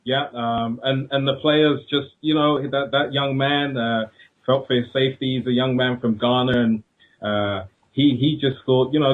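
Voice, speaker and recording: A man's voice: mid-range voice, measured pace. A man with a British accent, a guest calling in to a radio show, speaking hesitantly with many fillers. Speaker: phone-in guest. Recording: tinny phone line.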